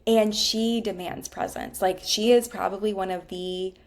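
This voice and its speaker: A woman's voice: mid-range voice, fairly even intonation, unhurried. A woman, frankly telling a personal story in a casual, conversational way and swearing now and then.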